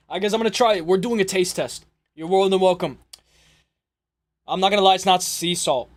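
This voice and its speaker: A man hosting a casual livestream, rambling and joking with profanity, congested and clearing his throat. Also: high voice, fairly quick, pauses often. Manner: rambling, profane, jokey, reads chat aloud. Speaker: livestream host.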